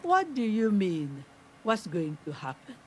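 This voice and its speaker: Casting: a stubborn old landlady in a game, scolding and lively in tone. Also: mid-range voice, measured pace, a little hiss or hum. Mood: defensive. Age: older. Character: stern old grandmother landlady, distrustful.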